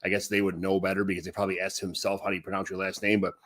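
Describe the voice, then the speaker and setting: A man co-hosting a casual sports podcast, reading through lists in a relaxed way with fillers. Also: deep voice, very fast. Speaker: podcast co-host.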